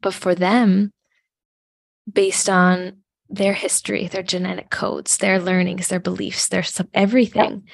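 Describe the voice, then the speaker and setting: A woman's voice: mid-range voice, flat delivery, measured pace, gravelly, no room sound. A woman hosting a podcast in casual spiritual chat, a thoughtful and affirming listener. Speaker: podcast host.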